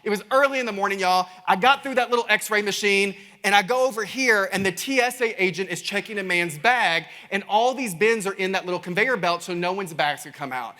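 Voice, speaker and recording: A man with a Kentucky Southern accent giving an animated keynote talk, telling stories to a crowd and calling them y'all. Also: high-pitched, fairly quick, hardly any pauses. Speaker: keynote speaker. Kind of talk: energetic keynote storytelling. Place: large conference stage. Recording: reverberant conference hall.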